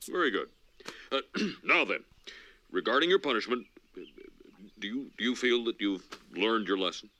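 A fussy cartoon principal, low, prim, swoopy. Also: male voice, animated, moderate pace, pushed and bright. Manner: prim, formal, hesitant. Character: stiff, fussy middle-aged male school principal.

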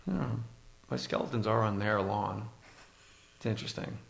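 A man's voice: fairly low pitch, normal speed, vocal fry, echoey room. A man hosting a podcast as a stand-up comedian, talking in a blunt, teasing way and swearing freely. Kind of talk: casual conversational podcast.

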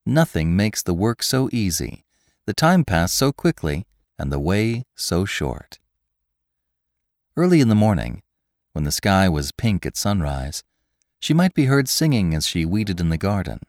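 A man narrating a classic tale for a podcast in measured, expressive storytelling. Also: sits low, no room sound, studio quality.

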